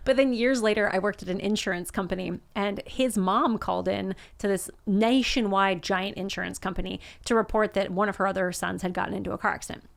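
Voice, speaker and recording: A woman's voice: medium pitch, fairly even intonation, a little fast, vocal fry, few pauses. A young woman co-hosting a podcast, telling self-mocking stories in casual chat. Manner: self-mocking storyteller, jokey. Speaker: podcast co-host.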